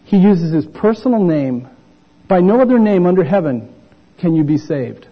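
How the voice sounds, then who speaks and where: A man preaching a sermon in an animated way, acting out the voices of the people in his story. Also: sits high, moderate pace, slightly rough, lo-fi sound. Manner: animated, acts out voices of the disciples and the blind man.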